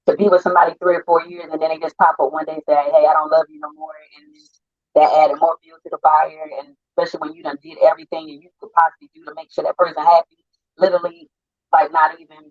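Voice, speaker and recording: A woman's voice: sits low, dry recording, dull audio. A woman interviewed over a video call, telling her story in an earnest, plain-spoken way. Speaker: interview guest. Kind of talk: personal storytelling.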